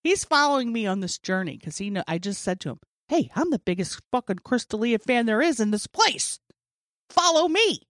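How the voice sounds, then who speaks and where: A woman's voice: mid-range voice, brisk, hardly any pauses, no room sound, studio quality. A woman in her forties telling a long funny story in casual chat, acting out what people said and laughing often. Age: 40s. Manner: animated storyteller, acts out quotes, laughs often.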